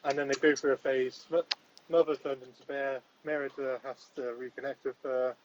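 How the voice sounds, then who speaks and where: A man's voice: mid-range voice, flat delivery, normal speed, highs cut off, a little hiss or hum. A man hosting a comedic podcast in the role of a mock judge, speaking in a mock-stern, bossy and dry way. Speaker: host playing a mock judge.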